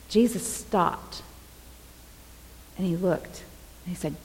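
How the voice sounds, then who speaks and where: A woman giving a sermon, retelling scripture in an expressive, dramatic way. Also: on the low side, normal speed, long pauses, long reverb tail, rough recording. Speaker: preacher.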